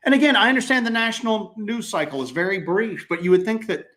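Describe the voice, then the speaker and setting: A man's voice: high voice, quick pace. A man hosting a casual talk show, telling stories animatedly and acting out quoted lines. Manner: animated storyteller, acts out quotes, repeats himself. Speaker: podcast host. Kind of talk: casual chat.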